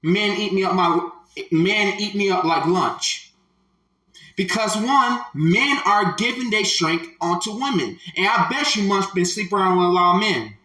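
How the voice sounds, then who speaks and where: A man giving slow, emphatic, preachy commentary on a clip, repeating his phrases. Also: high voice, animated, bright, forceful tone, echoey room, low-quality recording.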